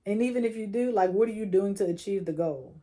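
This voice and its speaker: Chatty woman reading tarot, mellow tone. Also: medium pitch, fast. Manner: chatty, coaching, slangy, laughs often. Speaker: tarot reader.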